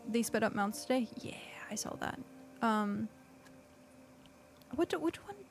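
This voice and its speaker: A woman's voice: fairly high pitch, lively intonation, a little slow, creaky, faint music behind. A woman streaming a game, chatting casually and thinking aloud with lots of fillers. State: hiccuping. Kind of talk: casual gameplay chat.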